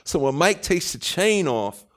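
A man on an interview show, telling an anecdote in a casual, animated way, acting out other people's lines and swearing freely. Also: a little high, a little slow. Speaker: interview guest.

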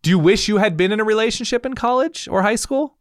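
A man's voice: high voice, dry recording, studio quality. A man in his thirties co-hosting a podcast, in casual chat, firing off probing questions one after another. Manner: probing, rapid-fire questions. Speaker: podcast co-host.

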